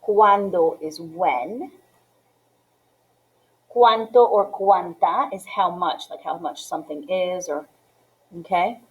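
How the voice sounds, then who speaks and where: A woman's voice: fairly low pitch, takes it slowly, pauses often, poor audio. Patient woman teaching a lesson. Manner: patient, checks in often with "okay?" and "right?"; mixes English with Spanish phrases. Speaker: Spanish teacher. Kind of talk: classroom lesson walkthrough.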